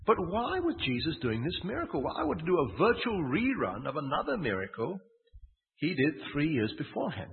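Lively preacher in a tinny echoey hall. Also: male voice, high-pitched. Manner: storytelling, with asides and rhetorical questions. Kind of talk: sermon. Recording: tinny, phone-like sound with long hall echo.

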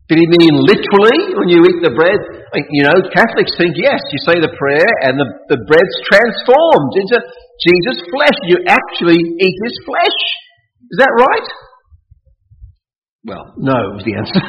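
A man preaching a sermon in a church, joking and firing off rhetorical questions. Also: sits high. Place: church hall. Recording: dull lo-fi audio with long hall reverb.

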